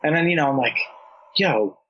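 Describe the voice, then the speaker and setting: A young man telling rambling, animated stories in casual podcast chat, laughing as he goes. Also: on the high side, moderate pace. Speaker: podcast guest. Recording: dull lo-fi podcast audio.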